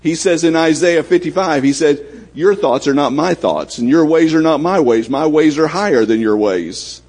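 Husky-voiced preacher, folksy and conversational. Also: male voice, a little high, moderate pace, a little mellow. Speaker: pastor. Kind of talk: sermon.

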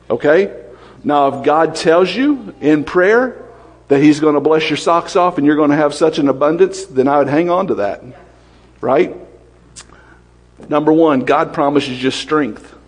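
A man preaching a sermon, quick-fire and lively, often asking questions of the congregation. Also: a little high, big-room sound.

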